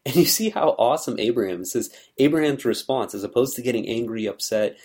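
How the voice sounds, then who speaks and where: A man's voice: mid-range voice, expressive, quick pace, a little mellow, husky. A man giving an earnest, conversational talk on scripture, explaining things in a loose, searching way. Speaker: religious speaker.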